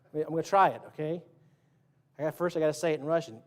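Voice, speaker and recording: A man's voice: a little high, very fast, pauses often. Joking, chatty male preacher. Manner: joking, conversational, quizzing the congregation; acts out quotes and sound effects. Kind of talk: sermon. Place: church sanctuary.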